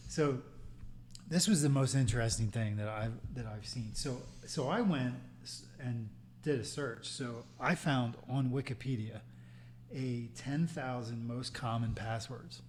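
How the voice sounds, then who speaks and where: A man's voice: mid-range voice, measured pace, darkish tone, a little hiss or hum. A man co-hosting a podcast, explaining step by step in casual chat. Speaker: podcast co-host.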